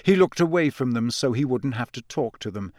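A man's voice: a little fast, no echo. Man reading a storybook aloud, dry. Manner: steady storybook reading, lifting the pitch for girls' lines. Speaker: audiobook narrator. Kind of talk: scripted narration.

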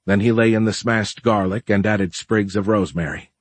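A man narrating an audiobook in a steady, even-paced way. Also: lowish voice, normal speed, no echo.

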